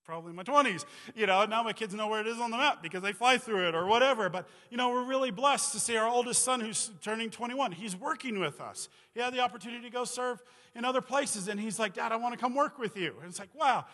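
A man's voice: sits high, sharp tone. A man in his forties, a missionary preacher giving a sermon in a loose, rambling way, full of "you know" and "like.". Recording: reverberant hall.

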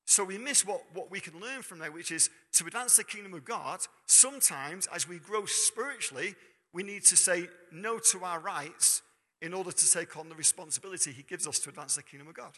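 In a ringing, sharply bright voice pitched a touch high, a male preacher delivers a brisk sermon. He keeps things conversational, tossing questions to the congregation, his words lingering in the long reverb of a church hall.

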